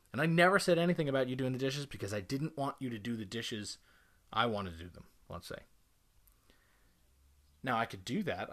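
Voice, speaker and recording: A man talking through dog training at a mid-range pitch, laying out each step plainly and pausing to ask "right?" as he goes. His delivery is casual and instructional, like coaching a student one-on-one. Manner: conversational, explains step by step with frequent "right?" checks. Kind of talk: instructional talk to camera.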